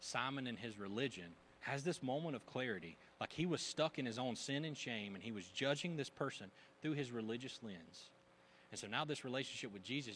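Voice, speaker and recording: A man preaching a sermon in a conversational, animated way, using casual slang. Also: medium pitch, a little hiss or hum. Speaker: pastor.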